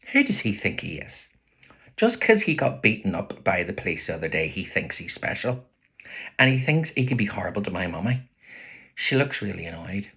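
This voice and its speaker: Belfast guy reading his book out loud, low husky voice, does the characters. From Northern Ireland. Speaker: author reading his novel. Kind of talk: reading a novel aloud.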